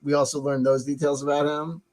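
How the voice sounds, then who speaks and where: Rambling streamer man, slightly high voice. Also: flat delivery, a little fast, darkish tone, rough recording. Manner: rambling, musing aloud, swearing. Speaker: live-stream host. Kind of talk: casual live-stream commentary.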